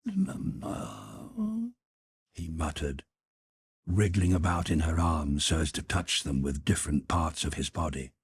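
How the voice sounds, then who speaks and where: Male audiobook narrator, low and husky, dry close mic. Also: steady tone, normal speed, few pauses, dry recording. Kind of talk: scripted narration.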